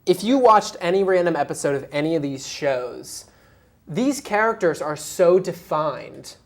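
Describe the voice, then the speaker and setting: A young woman with a notably low voice co-hosts a casual entertainment talk show. She chats in a bubbly, gushing way, full of "like" and "just", hopping between enthusiastic opinions. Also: animated, a little slow. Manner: bubbly, gushing, filler-heavy. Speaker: co-host.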